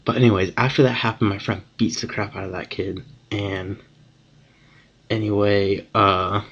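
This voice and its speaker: A man's voice: on the low side, steady tone, normal speed, a bit bright, slight background noise. A young man casually telling a story to the camera, rambling, swearing and correcting himself as he goes. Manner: rambling, profane, self-correcting. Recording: dull lo-fi home recording.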